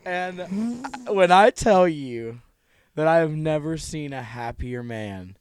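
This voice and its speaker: A man's voice: on the high side, animated, slow pace, clean tone. A young man co-hosting a casual podcast, telling rambling stories and laughing often. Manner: rambling storyteller, laughs a lot, many fillers. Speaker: podcast co-host. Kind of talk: casual chat.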